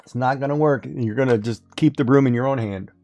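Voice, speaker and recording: A man's voice: mid-range voice, fairly quick, warm tone, dry recording. A man chatting casually and teasingly, coaching his co-host on how to sound stern. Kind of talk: casual chat.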